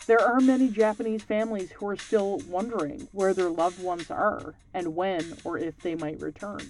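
Measured podcast storyteller over faint music. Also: mid-range voice, warm tone. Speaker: podcast host. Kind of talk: scripted storytelling narration.

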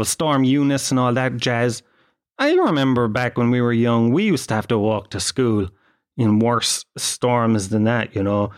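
Sarcastic, swearing Irish man. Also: mid-range voice. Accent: Irish, Kerry. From Tralee, Ireland. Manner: sarcastic, profane, rambling. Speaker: comedic monologue host. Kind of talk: rambling comic monologue.

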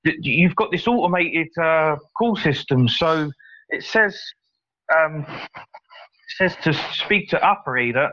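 Man, english accent, hesitant, repeats words, slightly higher voice, muffled lo-fi audio. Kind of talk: casual chat.

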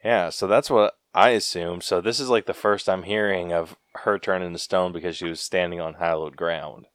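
A man's voice: low-pitched, steady tone, moderate pace, clean tone, no echo, clean studio sound. A man co-hosting a podcast, chatting casually about a movie in a laid-back way and reading trivia aloud. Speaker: podcast co-host.

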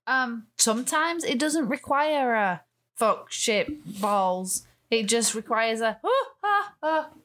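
A woman's voice: a little high, slow pace, a bit bright, a little hiss or hum. Rambling woman telling a story. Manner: rambling storyteller, restarts and swears. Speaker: podcast co-host. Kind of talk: casual chat.

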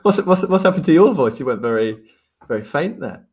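A man's voice: on the high side, big pitch swings, a little fast, a little mellow. A man hosting a podcast in casual chat, joking and laughing often and repeating words as he goes. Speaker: podcast host.

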